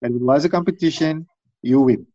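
A middle-aged man in casual chat, telling long rambling stories and acting out quotes in high voices. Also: a little fast, warm tone, dry recording. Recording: dull dry recording.

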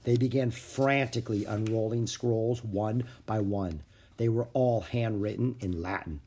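A man narrating a children's book aloud with clear, expressive storytelling. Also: fairly low pitch, measured pace. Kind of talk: audiobook reading of a children's book.

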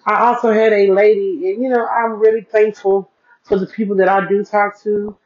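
Woman, solo podcast host, easygoing repetitive chat, mid-pitched voice, muffled lo-fi mic. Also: level tone, normal speed, a little mellow. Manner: chatty, repeats herself for emphasis, addresses listeners as y'all. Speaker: podcast host, single mom. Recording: dull lo-fi recording.

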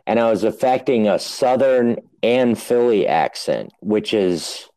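A man's voice: fairly low pitch, animated, measured pace, dark tone, no room sound, low-quality recording. A man co-hosting a podcast in laid-back casual chat, joking and swearing easily.

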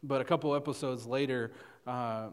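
A man's voice: medium pitch, steady tone, normal speed, clear, resonant tone, in a large hall. A man preaching as a youth pastor, telling a story in a loose, chatty way full of "uh"s and "right?"s. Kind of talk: conversational sermon storytelling.

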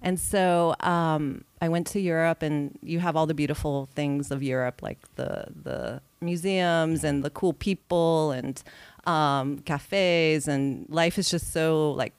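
A woman's voice: deep voice, takes it slowly, clear, resonant tone, dry recording. A woman in her forties, a podcast guest telling a personal travel story in casual chat, acting out her own thoughts as she goes. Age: 40s. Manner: lively storyteller who acts out her own quoted thoughts.

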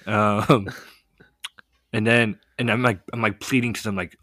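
A man's voice: fairly low pitch, measured pace, long pauses, no echo, clean studio sound. Young man telling a story with lots of "like". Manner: animated, many "like" fillers, laughs often. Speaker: podcast guest telling a story. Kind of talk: casual storytelling.

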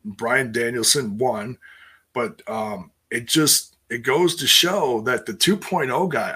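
A man chatting casually through a wrestling show recap, rambling, restarting sentences and putting on higher voices for quotes. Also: slow, pushed and bright, slightly rough. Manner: rambling and self-interrupting, acts out quotes in a higher voice.

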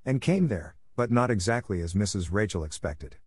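Low-voiced man reading an audiobook. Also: lively intonation, normal speed, husky, no echo, clean studio sound. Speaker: narrator. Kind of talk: audiobook narration.

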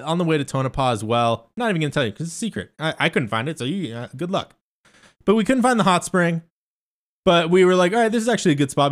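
Man, comedian, casual rambling story, lively swooping pitch, loud asides and mutters. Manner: animated, swings between loud asides and muttered remarks; loose and profane, lots of fillers and restarts. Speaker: stand-up comedian telling a travel story.

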